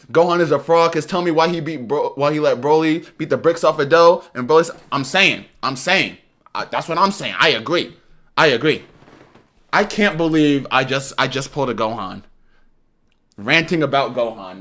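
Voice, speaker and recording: A young man streaming a video game live, commentating in an excitable, rambling way and often laughing. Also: on the high side, moderate pace. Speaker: gaming streamer.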